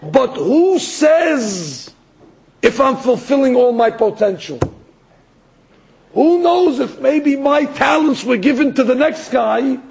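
Man, sermon, storytelling, high-pitched, gravelly, very husky. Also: slow, poor audio. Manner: animated storyteller, rising to emphatic peaks. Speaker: rabbi or Torah teacher.

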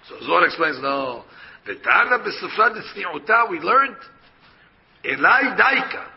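A man's voice: sits high, big pitch swings, slow pace, dull audio, a little hiss or hum. A man, a rabbi, giving a Torah lecture and explaining by asking questions and answering them himself. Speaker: rabbi teaching a Torah class.

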